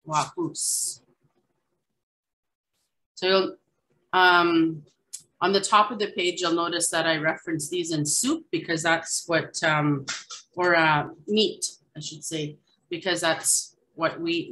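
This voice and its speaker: A woman teaching a language lesson over a video call, repeating each word slowly and adding casual asides. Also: low-pitched, bright, forceful tone, poor audio.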